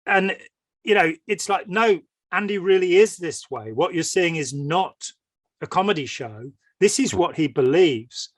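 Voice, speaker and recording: A man guest on a podcast, speaking in a fairly high voice. He wanders through his stories with plenty of ums, and the sound is close and dry. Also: lively intonation, measured pace, no echo. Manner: discursive, with many ums and quoted asides. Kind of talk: conversational interview chat.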